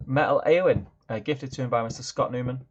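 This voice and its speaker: A man's voice: mid-range voice, fairly quick. A man co-hosting a hobby stream, upbeat and jokey as he reads out viewers' names. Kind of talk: casual chat. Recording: slightly dull, lo-fi audio.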